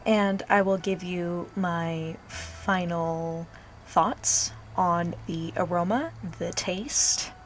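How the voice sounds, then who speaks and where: A woman reviewing absinthe in a vlog, describing its look and aroma in a measured, descriptive way. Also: fairly low pitch, slight background noise. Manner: measured, descriptive tasting commentary.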